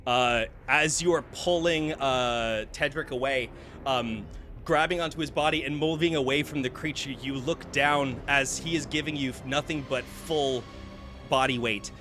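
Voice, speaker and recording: A man running a tabletop game as game master, narrating a horror scene in vivid detail, often hushed, with fillers. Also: mid-range voice, measured pace. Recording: music underneath.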